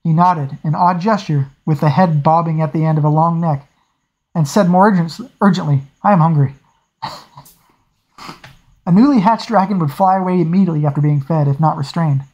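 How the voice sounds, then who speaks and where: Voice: mid-range voice, darkish tone, muffled recording. A hobby reader narrating a fantasy novel aloud, often stumbling over words and correcting itself. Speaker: audiobook reader.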